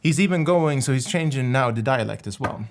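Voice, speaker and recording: A man co-hosting a reaction video that analyses public speaking. He talks in an enthusiastic, excitable way and laughs often. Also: mid-range voice, fairly quick, noisy background.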